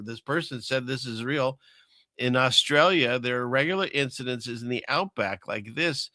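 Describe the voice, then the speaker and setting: A man's voice: mid-range voice, pushed and bright, dry recording, clean studio sound. A man hosting his own show, rambling through casual commentary with many fillers and restarts. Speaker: show host.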